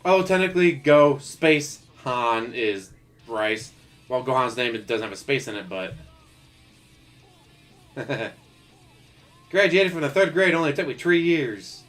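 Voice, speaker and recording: A man rambles through casual stream commentary, sarcastic and quick to laugh at his own jokes. His voice has a bright, forward edge, caught close on a desktop microphone, with faint music running underneath. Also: medium pitch. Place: home setup. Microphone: desktop USB microphone.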